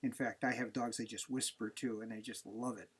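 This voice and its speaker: A man's voice: mid-range voice, steady tone, brisk, fairly bright tone, breathy edge. A man, a dog breeder, giving plain-spoken, conversational advice in a casual talk.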